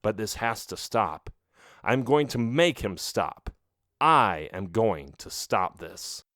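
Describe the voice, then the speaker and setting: A man's voice: on the low side, expressive, takes it slowly, fairly bright tone, no echo. A man narrating a children's audiobook in the first person, reading expressively into a close mic.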